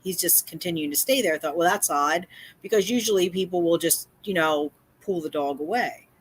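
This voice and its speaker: A woman's voice: fairly low pitch, fairly quick, breathy edge. Emphatic woman telling a story on a livestream. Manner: emphatic, repeats phrases, many fillers and restarts. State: upset and shaken. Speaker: livestream host and community cat caretaker.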